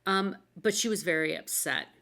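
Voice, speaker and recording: A woman's voice: fairly low pitch, normal speed, sharp tone. A woman hosting a talk show about dogs, chatting casually and telling anecdotes with quoted dialogue. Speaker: podcast host, dog expert.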